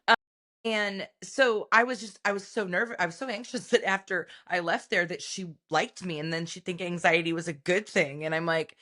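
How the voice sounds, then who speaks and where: A middle-aged woman co-hosting a podcast, chatting casually and telling animated stories with sudden high-pitched acted-out moments. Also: moderate pace. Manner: animated storytelling, jumps into high excited voices when acting out scenes. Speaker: podcast co-host. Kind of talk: casual chat.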